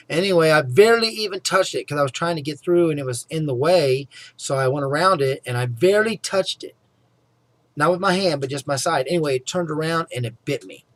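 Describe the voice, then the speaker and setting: A man's voice: on the high side, dry recording. A middle-aged man telling a personal story in a casual, rambling way, often saying "anyway" and "okay?". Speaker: vlogger.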